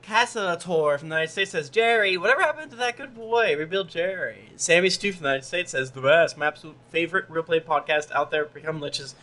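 A man's voice: a little high, lively intonation, a little fast, hardly any pauses, pushed and bright. A man hosting a podcast who reads listener reviews in a joking way, laughing as he goes. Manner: jokey, laughs while reading. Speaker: podcast host.

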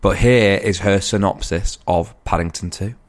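A man co-hosting a show. He introduces a segment in a plain, dry manner, and his voice sits low. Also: moderate pace. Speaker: radio co-host.

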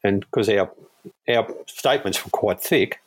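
A man's voice: on the low side, measured pace, husky. Australian man telling rescue stories. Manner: anecdotal, chuckling, acts out quoted voices. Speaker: guest, police airwing crewman. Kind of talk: casual storytelling.

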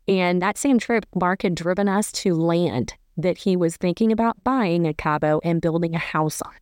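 A woman's voice: fairly low pitch, moderate pace, few pauses, darkish tone, dry recording, studio quality. A woman hosting a podcast, telling a personal story in a rambling, self-correcting way with fond emotion. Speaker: podcast host.

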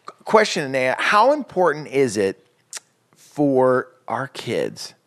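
A man's voice: medium pitch, sing-song, slow, fairly bright tone. A man hosting a parenting podcast in casual chat, rambling and interrupting himself. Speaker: podcast host.

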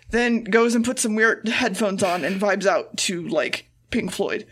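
A woman's voice: mid-range voice, steady tone, normal speed, few pauses. A woman co-hosting a podcast, giving a casual, rambling and profane recap of an episode. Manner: profane and rambling, acting out quotes. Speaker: podcast co-host.

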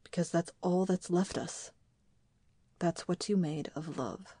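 A woman reading an audiobook, voicing a grim man named Oscar who speaks of hell slowly and bleakly. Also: fairly low pitch, fairly even intonation, warm tone, breathy edge, dry recording. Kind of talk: audiobook dialogue.

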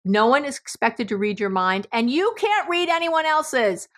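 A woman's voice: high voice, big pitch swings, measured pace, fairly bright tone. A middle-aged woman from New York with a New York accent, hosting a podcast in a blunt, emphatic monologue and swearing freely. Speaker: podcast host.

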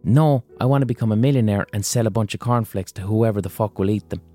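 A man's voice: lowish voice, fast talker, dark tone, faint music behind, close to an everyday voice. A man voicing a greedy, cynical male businessman who talks bluntly and dismissively.

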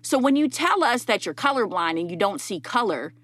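A woman hosting a podcast, telling stories in animated casual chat, acting out voices and laughing often. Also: medium pitch, a little fast, dry recording. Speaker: podcast host.

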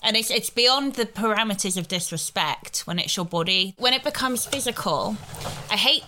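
Bright-voiced young woman. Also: mid-range voice, lively intonation, normal speed, slight background noise. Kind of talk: casual chat.

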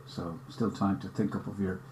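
A man's voice: low voice, steady tone, normal speed, a little mellow, slight background noise. A man opening his podcast, recorded badly on a camera's built-in microphone. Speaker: podcast host. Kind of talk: podcast intro. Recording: tinny roomy sound from a camera's built-in mic.

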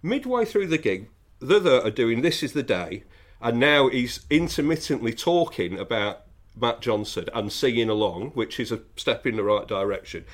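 A man's voice: mid-range voice, normal speed. Wry man telling a story. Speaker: podcast co-host. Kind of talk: casual podcast chat.

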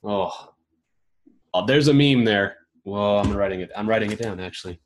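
A man's voice: fairly low pitch, moderate pace, a little hiss or hum. A man hosting a casual roundtable, reading a list of questions aloud and reacting to them with amused commentary. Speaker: podcast host.

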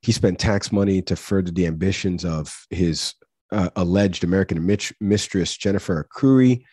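A man's voice: low voice, moderate pace, warm tone, husky, dry recording, clean studio sound. A man co-hosting a podcast in casual chat, rambling and chuckling as he talks. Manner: rambling, chuckling, restarts often. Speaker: podcast co-host.

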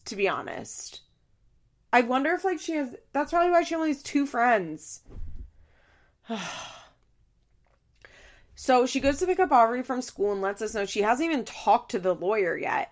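A young woman giving heated, exasperated casual commentary, full of "like" fillers and swearing. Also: fairly high pitch. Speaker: reality TV commentator.

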